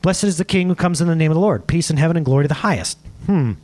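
A man preaching a sermon to his congregation, emphatic and animated, asking for slides as he goes. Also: on the high side, rapid-fire. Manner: asks for slides during the talk. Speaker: pastor.

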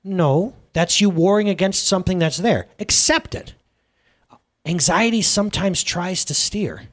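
A male pastor preaching in a lively, conversational way, often checking in with the audience through questions. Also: high voice, unhurried. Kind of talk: sermon.

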